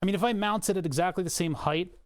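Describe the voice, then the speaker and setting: A man's voice: high voice, quick pace. Rambling, joking male streamer. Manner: rambling, joking asides to chat, self-mocking. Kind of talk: casual livestream chat while designing.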